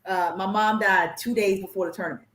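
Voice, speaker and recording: A woman's voice: mid-range voice, fairly even intonation, fairly quick. A woman podcast host chatting casually, exuberant and slangy, with lots of emphatic repetition. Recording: echoey room.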